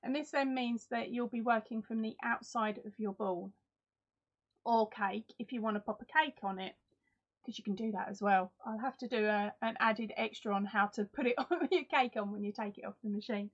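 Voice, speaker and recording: A woman's voice: a little high, moderate pace, highs cut off. A woman hosting a live crafting stream in casual chat, reading out and answering viewers' comments. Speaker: host.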